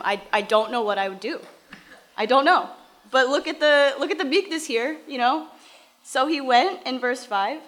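A woman's voice: a little high, fairly bright tone. A woman teaching from the Bible, reading verses aloud and then explaining them in a casual, conversational way.

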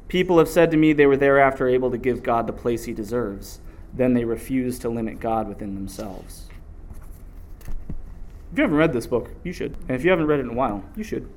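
A man preaching a sermon, calm and measured in teaching, rising to forceful, emphatic exhortation. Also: mid-range voice.

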